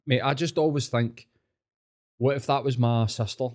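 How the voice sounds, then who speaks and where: A man from Scotland with a Glaswegian accent hosts a podcast, chatting casually and telling lively stories laced with heavy swearing. He speaks at medium pitch and a moderate speed.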